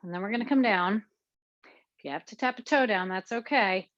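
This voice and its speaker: A woman's voice: medium pitch, fairly quick, a bit bright, no echo, dull audio. A woman leading an exercise class, talking students through each move and counting reps, a little out of breath as she works along. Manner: cueing moves while exercising, counting reps. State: slightly out of breath. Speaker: fitness instructor.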